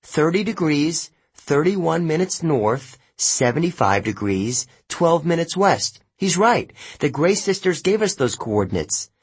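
A man reading an audiobook voices a clever, earnest teenage girl who talks quickly and excitedly. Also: fairly high pitch, slightly rough, voice pushed up, full character voice.

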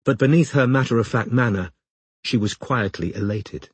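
A man narrates a novel with steady, even storytelling. His voice has a husky, slightly breathy grain at a middle pitch. The recording is close and dry. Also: normal speed, no room sound. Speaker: audiobook narrator. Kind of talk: scripted narration.

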